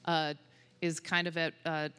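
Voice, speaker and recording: A woman's voice: deep voice, level tone, unhurried, fairly bright tone, clean tone. A woman being interviewed as a researcher, telling stories with enthusiasm and animation. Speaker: guest researcher on dog cognition. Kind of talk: conversational interview answers. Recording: long hall reverb.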